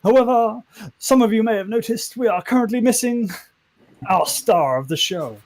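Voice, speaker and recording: A man doing a high, grand lady pirate captain. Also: moderate pace, darkish tone, low-quality recording. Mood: grand, showy. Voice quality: high put-on voice with a wobbly Celtic lilt. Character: proud female ship captain, festive hostess.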